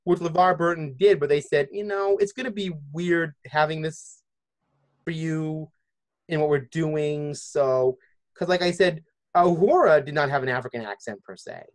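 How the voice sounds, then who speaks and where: A man's voice: fairly high pitch, normal speed. A man hosting a podcast in casual chat, thinking aloud and hedging as he goes. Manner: chatty, thinking aloud with hedges. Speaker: podcast host.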